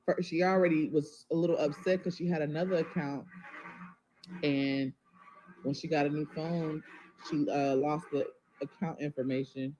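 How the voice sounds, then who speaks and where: A woman's voice: sits low, fairly even intonation, normal speed, warm tone, lo-fi sound, a little hiss or hum. A mother talking to viewers on a livestream, rambling and emotional, often turning to the audience with y'all. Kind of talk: casual livestream talk to viewers.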